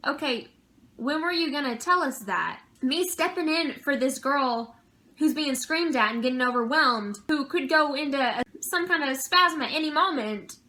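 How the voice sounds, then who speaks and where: A young woman telling a casual storytime vlog about a bad job, animated and indignant as she recounts what happened. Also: high voice. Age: young adult. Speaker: vlogger.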